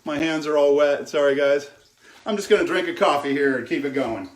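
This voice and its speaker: In his home kitchen, a man hosts a casual live cooking stream, chatting with viewers and often asking "okay?". His voice is a little high and fairly quick, and the sound is roomy.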